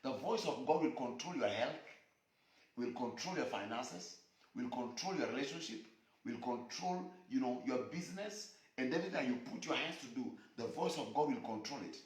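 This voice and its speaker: A man's voice: medium pitch, lively intonation, moderate pace, reverberant. A man preaching a sermon broadcast alone, repeating phrases with an emphatic cadence. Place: room alone.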